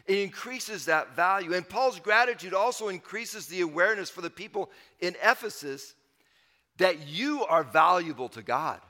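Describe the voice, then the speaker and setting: A man's voice: high voice, expressive, moderate pace, sharp tone, long reverb tail. A man preaching a sermon as pastor, emphatic and repeating his key phrases for the congregation.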